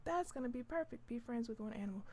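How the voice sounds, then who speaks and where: A young woman giving gameplay commentary as a channel host, chatty and excitable, talking to the game characters and dropping into whispered asides. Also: a little high, quick pace, slightly rough.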